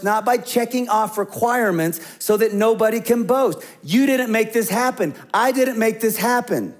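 A middle-aged man delivers a sermon in a relaxed, conversational way, his voice sitting a little high for a man. He moves between plain talk and quieter, hushed storytelling. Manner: conversational preaching, dropping to hushed tones for stories. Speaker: pastor.

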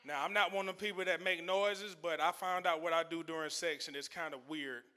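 A man doing stand-up in a comedy club, his voice pitched high for a man and sounding bright and forward. He talks loosely to the crowd on a handheld mic and laughs through his own punchlines. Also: steady tone, fairly quick. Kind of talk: stand-up set.

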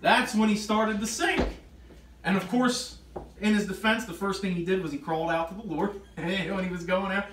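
A man leads an informal Bible study. His voice sits high and turns emphatic as he explains the scripture. He sounds far from the mic in an echoey room with faint noise behind him. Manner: reads scripture aloud, then grows emphatic and animated. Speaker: preacher.

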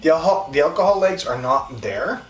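With a fairly high, expressive voice and a brisk pace, a Western Canadian man reviews beer on his casual show, his Canadian accent carrying a chatty, wandering, self-deprecating style. Echo fills the room, the mic is distant, and faint music can be heard.

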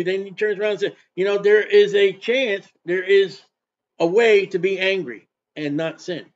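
A man preaching in an emphatic, repetitive way, swinging from loud bursts to quiet asides. His voice sits a bit high for a man. The recording is dull and lo-fi. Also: fairly even intonation, normal speed. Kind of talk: sermon.

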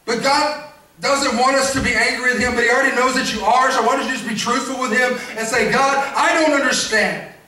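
A man's voice: very high voice, flat delivery, fast, sharp tone. A male preacher giving a sermon in a church, repeating phrases and calling for responses from the congregation. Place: church sanctuary. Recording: echoey church from a distance.

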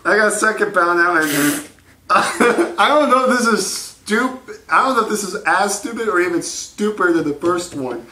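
A giggly man with a high, bright voice chats loosely. He sits away from the mic in an echoey room, with faint noise behind him. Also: lively intonation, normal speed, distant mic. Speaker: podcast co-host. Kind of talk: casual chat.

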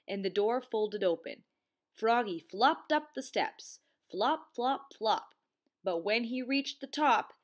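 A woman teacher reading a children's storybook aloud, in an expressive, sing-song way. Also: mid-range voice.

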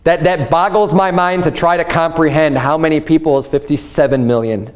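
A man's voice: on the high side, steady tone, a little fast. A man preaching a sermon as pastor, impassioned and stumbling into restarts and repeated words as he presses his point. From United States.

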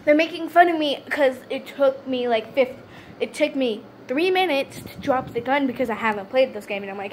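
A young woman with a high voice tells a story to the camera in loose, casual chat. She stutters and restarts often, filling gaps with "um" and "like". A faint hiss of room noise sits behind her. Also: a little fast. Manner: stutters, many fillers and restarts. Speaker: vlogger.

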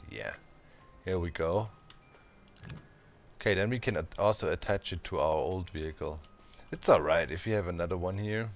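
A man hosting a gameplay channel, chatting casually and thinking out loud as he plays, throwing in little sound effects. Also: sits low. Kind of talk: casual let's-play commentary.

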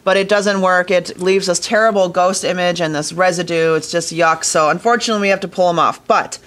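A woman's voice: lowish voice, steady tone, brisk, a bit bright. Chatty woman teaching a craft. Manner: chatty, enthusiastic, addresses viewers directly. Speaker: glass fusing instructor. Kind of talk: casual hands-on tutorial. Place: glass art studio workshop.

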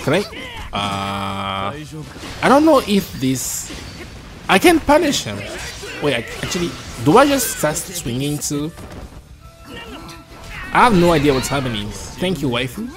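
A man giving live commentary on his own match, excitable and jumpy, talking to himself as he plays. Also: medium pitch, a little slow, long pauses, music in the background. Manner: excitable, jumpy, talks to himself while playing. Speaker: gameplay streamer.

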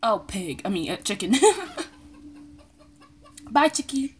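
Excitable young woman gaming with shrieks. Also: medium pitch, takes it slowly, slight background noise. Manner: excitable, laughing, shrieking in panic. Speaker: gamer playing through a story game. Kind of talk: casual game commentary.

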